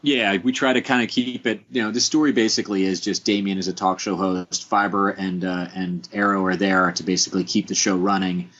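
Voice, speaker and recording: A man's voice: low voice, level tone, brisk, hardly any pauses, fairly bright tone. A man being interviewed on a podcast about making his show, talking casually and rambling with many fillers, restarts and small chuckles. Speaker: interview guest, show creator. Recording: dull lo-fi podcast audio.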